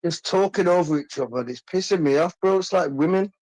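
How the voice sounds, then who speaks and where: A man's voice: high voice, fast, a little mellow, poor audio. A man complaining in casual slang about callers talking over each other. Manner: irritated, slangy, laid-back complaining. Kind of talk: call-in chat.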